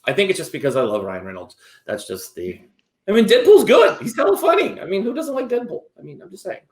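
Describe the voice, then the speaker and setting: A man in his thirties hosting a chat show, giggly and excitable, with lots of fillers. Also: high-pitched, quick pace, reverberant. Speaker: show host. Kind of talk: casual chat.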